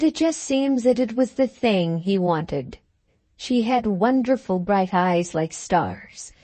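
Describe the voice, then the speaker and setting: A woman narrating a classic novel for an audiobook in a steady, measured storytelling manner. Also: medium pitch, no room sound. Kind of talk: scripted narration.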